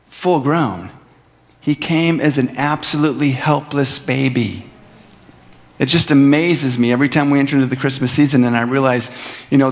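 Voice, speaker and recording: A male pastor preaching a sermon in a church, earnest and building to emphatic repeated lines. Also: medium pitch. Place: church sanctuary. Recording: long hall reverb.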